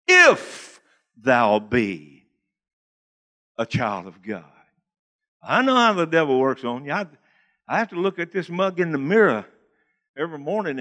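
Male preacher, high and bright, folksy humor, laughs a lot. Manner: folksy, joking, laughs often. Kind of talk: humorous sermon. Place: church.

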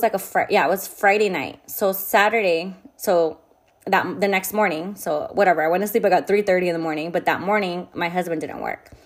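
A young woman talking candidly to camera, telling a personal story in a casual, frank way, full of fillers and swearing. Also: medium pitch. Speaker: vlogger.

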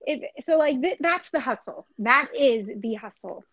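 A woman's voice: high-pitched, expressive, measured pace, a bit bright, no echo, lo-fi sound. A woman telling blunt stories in a casual chat over a call, with lots of "like" and "you know what I mean". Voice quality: blunt, chatty storyteller with frequent "like". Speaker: guest.

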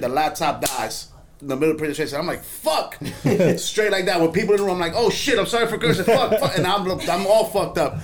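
A man with a somewhat raised pitch tells stories in a casual podcast conversation. He is animated and profane and laughs easily. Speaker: podcast co-host. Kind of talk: casual storytelling chat.

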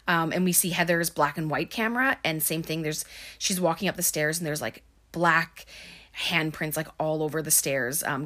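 A woman's voice: low-pitched, fairly bright tone. A young woman casually recapping a film as a podcast host, rambling with lots of fillers.

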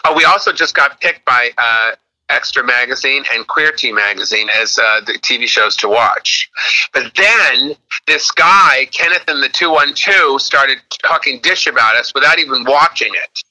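A man being interviewed, telling lively stories in casual chat and acting out the people he quotes. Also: moderate pace, low-quality recording. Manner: animated storyteller, acts out quotes in a higher voice. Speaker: guest.

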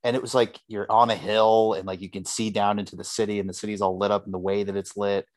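Guy with a lowish voice on a podcast, loose chatty style, swears a lot, dry close sound. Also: flat delivery, fast, darkish tone, no room sound. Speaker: podcast co-host. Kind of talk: casual chat.

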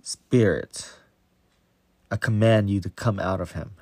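A man voicing Jesus as a stern, commanding teacher in a storybook reading, in a measured way. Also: deep voice, steady tone, vocal fry, darkish tone, dry recording.

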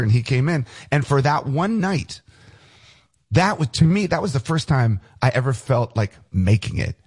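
A middle-aged man telling animated, profanity-laced stories in a casual interview. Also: medium pitch, moderate pace, slightly rough. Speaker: guest musician. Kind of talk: casual storytelling.

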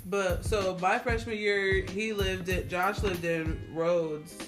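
A man's voice: sits high, steady tone, slow pace, music in the background. A young man on a podcast reminiscing in casual chat, rambling and using fillers as he recalls things.

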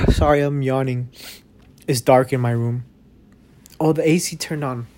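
A young man hosting his own podcast, chatting casually in a rambling, profane way, recorded on a phone in his dark bedroom. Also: medium pitch, steady tone, unhurried. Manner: rambling, profane, restarts often. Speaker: podcast host. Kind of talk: casual solo podcast chat. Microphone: phone microphone.

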